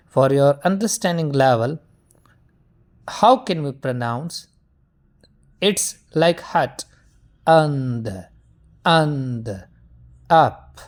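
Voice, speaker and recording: Male English pronunciation teacher, very slow delivery, repetitive, keeps checking "got it?". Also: a little high. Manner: addresses viewers as "my dear students". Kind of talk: phonetics lesson.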